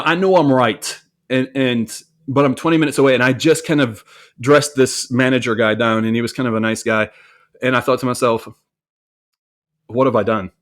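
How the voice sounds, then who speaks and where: A man telling a story about his own mistake in a candid, self-reflective way, with frequent restarts and repeated words. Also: medium pitch. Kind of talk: conversational storytelling.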